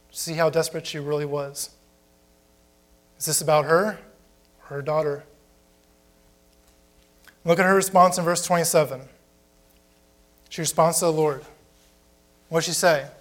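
A man preaching a sermon with a voice pitched a bit higher than most men. He speaks plainly and conversationally and keeps asking the congregation rhetorical questions. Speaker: pastor.

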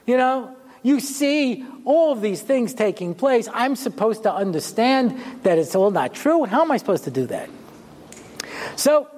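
A man's voice: extremely high pitch, a little mellow. A man giving a Torah lecture as a rabbi, talking conversationally with jokes and rhetorical questions. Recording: long hall reverb.

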